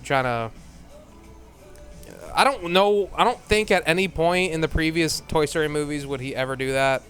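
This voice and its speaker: A man's voice: fairly high pitch, normal speed, a bit bright, faint music behind. A man ranting in a casual, rambling way, blunt and full of swearing, laughing often and trailing off into mumbled asides. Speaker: vlogger.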